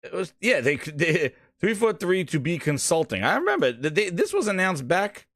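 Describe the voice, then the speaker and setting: A man's voice: high-pitched, sing-song, normal speed, fairly bright tone, no room sound, clean studio sound. A man hosting a gaming podcast, ranting profanely and mocking, stumbling and repeating words when riled up. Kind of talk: ranting casual commentary.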